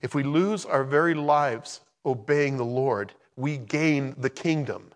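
A man's voice: mid-range voice, slow, in a large hall. Man preaching with passionate, casual fervor. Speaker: pastor. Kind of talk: sermon.

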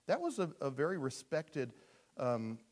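A man preaching a sermon in a conversational, humorous style, animated and quick to laugh at himself. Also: mid-range voice.

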